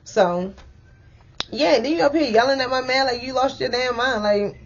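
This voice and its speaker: A young woman casually telling a story to her viewers, animated and full of "like" and "y'all". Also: high voice, normal speed, dull audio, a little hiss or hum. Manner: chatty, animated, addresses viewers as y'all with many likes.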